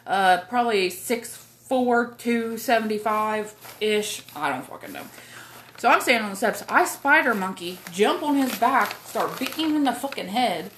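A woman's voice: on the high side, animated, moderate pace, fairly bright tone, a little hiss or hum. A woman, telling a personal story in a rambling way, full of swearing, fillers and asides.

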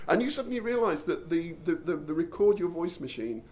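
A man's voice: fairly high pitch, fairly quick, hardly any pauses, darkish tone. A man hosting a podcast, telling a story with enthusiasm and frequent stumbles and restarts. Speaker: podcast host. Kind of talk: casual storytelling commentary.

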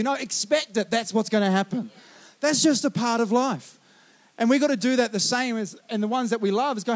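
A man preaching a sermon, telling a lively personal story and urging listeners on. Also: very high-pitched, fast talker. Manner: animated storyteller, acting out quotes, exhorting with "come on". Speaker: pastor.

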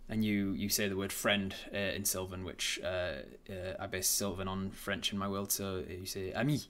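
A man running a tabletop game as its game master. He describes the scene in a low voice. He stumbles often and restarts his sentences, filling gaps with ums and uhs. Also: level tone, normal speed, fairly bright tone. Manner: hesitant, many fillers and restarts.

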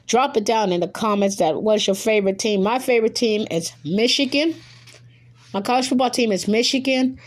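A woman hosting her own podcast in casual solo chat, rambling and correcting herself, a little nervous. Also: mid-range voice. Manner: rambling, self-correcting, hurried plugs. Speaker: podcast host.

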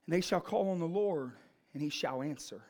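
High-voiced preaching pastor. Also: male voice, lively intonation, normal speed. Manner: swings from soft scripture reading to loud preaching. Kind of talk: sermon.

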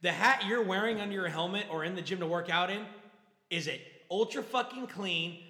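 A man hosting a casual podcast while tipsy, talking loud and profane and cutting in often. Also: high-pitched, a little fast. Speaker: podcast host. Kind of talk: casual drunken podcast chat. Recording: echoey room with long reverb.

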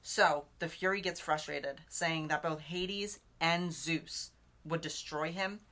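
A woman with a bright, forceful voice and a fairly low pitch talks through a story in a casual podcast chat. She recaps the plot loosely, leaning on "like" and "literally" as she goes. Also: steady tone, takes it slowly. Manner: chatty recap, filled with "like" and "literally". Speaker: podcast co-host. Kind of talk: casual book discussion.

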